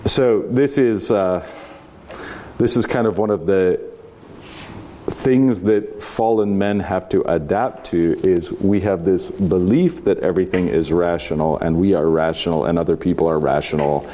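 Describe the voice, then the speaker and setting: A man with a fairly low voice leads an informal lecture, reading lines from a text and musing on them. He speaks in a measured, reflective way, drawing out key phrases and sometimes restarting a sentence mid-thought. A faint hiss of room ambience sits behind him. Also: fairly even intonation, warm tone. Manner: measured and reflective, with slow emphatic stretches; conversational, with fillers and restarts. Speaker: teacher leading a reading of a philosophy text. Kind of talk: informal lecture, reading passages aloud and commenting.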